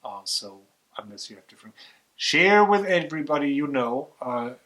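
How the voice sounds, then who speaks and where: A man's voice: fairly high pitch, very animated, moderate pace, bright, forceful tone, rough recording. A young man whose first language is German co-hosts a casual board game vlog, making dry goofy jokes and stumbling over restarts. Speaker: vlog co-host.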